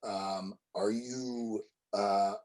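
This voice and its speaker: A man's voice: fairly low pitch, fairly even intonation, extremely slow, a little mellow, low-quality recording. A man running a tabletop game as game master, narrating with a hesitant delivery full of ums and uhs.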